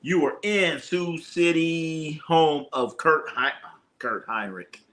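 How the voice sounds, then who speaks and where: A man's voice: fairly high pitch, slow, fairly bright tone. A man hosting a live sports stream, reading viewer comments aloud and riffing on them with loose, profane jokes. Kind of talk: casual livestream chat reading viewer comments.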